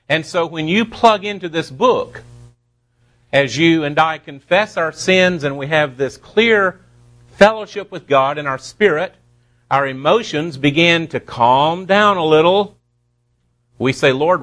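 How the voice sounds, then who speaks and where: A pastor preaching a sermon to his congregation, slowing down to stress key words and dropping playful asides. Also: fairly high pitch, fairly bright tone.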